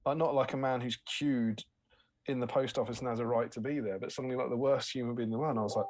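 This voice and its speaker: A man's voice: medium pitch, fairly even intonation, fast talker, a little mellow, dry recording. A man co-hosting a casual livestream chat, telling anecdotes and laughing often. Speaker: co-host.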